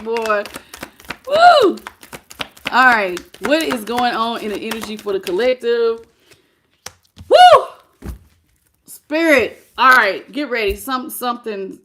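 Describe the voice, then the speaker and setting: A woman's voice: medium pitch, fairly bright tone, slight background noise. A woman giving a livestream tarot reading, talking casually and greeting viewers in the chat. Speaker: tarot reader.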